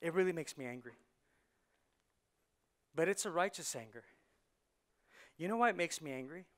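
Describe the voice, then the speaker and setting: A man, a pastor, preaching a sermon with rhetorical questions that build to shouting. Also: fairly high pitch, expressive, moderate pace.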